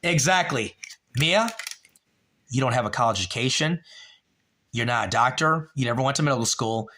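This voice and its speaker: A man's voice: mid-range voice, fast talker, sharp tone, a little hiss or hum. A man hosting a livestream, chatting to viewers in a rambling, repetitive way, calling them by name and swearing. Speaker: livestream host. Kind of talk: casual livestream chat answering viewers.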